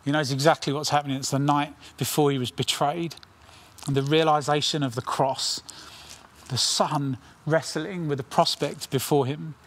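Middle-aged preacher guy, kinda high voice, earnest sermon, goes quiet for the big lines. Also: steady tone. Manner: earnest, dramatic pauses, drops to near whisper on key lines.

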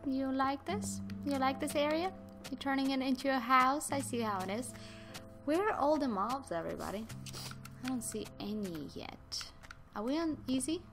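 A woman hosting a casual game commentary, chatting to the animals and sometimes breaking into squeals or whispers. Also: medium pitch. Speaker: gaming channel host. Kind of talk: casual let's-play commentary.

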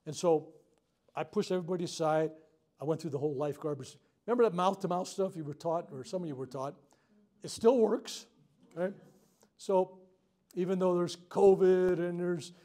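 Animated storytelling reverend, a man. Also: on the high side. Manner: animated storytelling, loud outbursts at dramatic moments; frank, unscripted, heartfelt. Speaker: reverend leading a self-healing workshop. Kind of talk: storytelling talk to a live group. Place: workshop room with a live audience.

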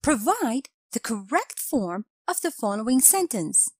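A woman narrating a scripted grammar lesson with a slow, clear instructional delivery. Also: a little high, very animated, dry recording. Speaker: English teacher.

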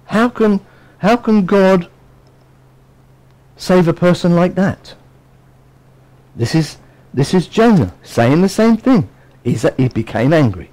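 A man preaching a sermon in an animated storytelling manner, acting out what people say. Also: high-pitched, slow, pauses often, rough recording. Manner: animated, storytelling, acts out voices.

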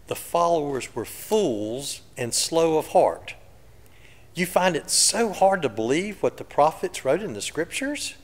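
A man's voice: medium pitch, big-room sound. A man preaching a sermon in a reflective, conversational way. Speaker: pastor. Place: church sanctuary.

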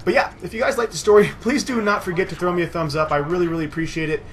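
A man's voice: sits high, rapid-fire, slight background noise. A young man casually telling a rambling story over gameplay, swearing freely and laughing at his own tale. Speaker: gaming video host.

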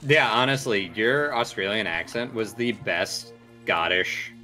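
A man plays a co-op zombie game and ribs his friends, swearing casually. His voice sits on the low side but rises and falls in an animated way. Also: unhurried, faint music behind. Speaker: co-op player. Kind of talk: casual gameplay chat.

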